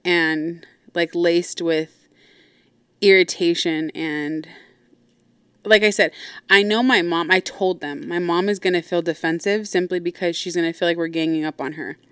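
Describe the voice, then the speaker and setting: Woman host, low smooth voice, dry close sound; blunt, profane, rambling storyteller. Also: fairly even intonation, a little slow, dry recording. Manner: blunt, profane, full of asides. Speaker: podcast host. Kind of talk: casual storytelling.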